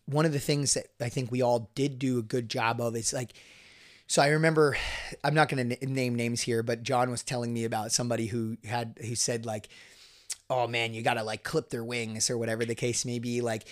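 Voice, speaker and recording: Young man, podcast co-host, mid pitch, rambling, swears a lot, lots of fillers. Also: level tone, brisk. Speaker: guest co-host, grappler. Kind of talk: casual podcast chat.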